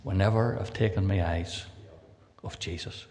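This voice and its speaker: A man's voice: sits low, normal speed, darkish tone, long reverb tail, slight background noise. An older man with a Northern Irish accent preaching a sermon, reading scripture aloud with rising emphasis and dropping in dry, humorous asides.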